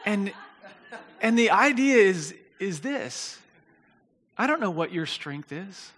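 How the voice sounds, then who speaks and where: A man preaching a sermon, telling a story in an animated way and often restarting and repeating words, with his voice rising to near shouting at the big moments. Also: high voice, slow pace, big-room sound. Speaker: pastor.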